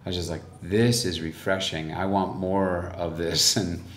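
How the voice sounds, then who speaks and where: A man's voice: deep voice, level tone, a little slow, roomy sound, a little hiss or hum. A man hosting a casual faith discussion, speaking in a reflective, encouraging way. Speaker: host.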